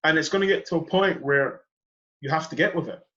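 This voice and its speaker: A man's voice: a little high, a little fast, a bit bright, muffled recording. A young man hosting a podcast who talks earnestly and with passion, stressing and repeating his key points. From Edinburgh, Scotland. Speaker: podcast host. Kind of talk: earnest conversational monologue.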